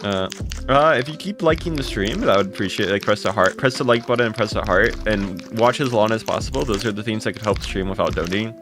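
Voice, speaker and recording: A young man streaming live, greeting his chat and thanking viewers for gifts, with his voice jumping high when he gets excited. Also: fast. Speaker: livestreamer. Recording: music playing behind.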